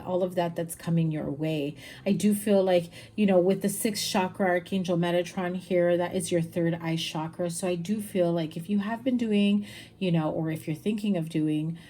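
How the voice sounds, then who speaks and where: A woman's voice: on the low side, mellow, slight background noise. A woman giving a casual tarot reading, chatty and rambling, tired. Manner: chatty, rambling, with fillers and laughs. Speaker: tarot reader.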